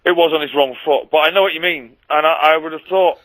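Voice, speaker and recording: Halting, laid-back English man on radio. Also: a little high, fairly bright tone, dry recording, rough recording. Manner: halting, full of fillers and restarts. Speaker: guest. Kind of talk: casual radio chat.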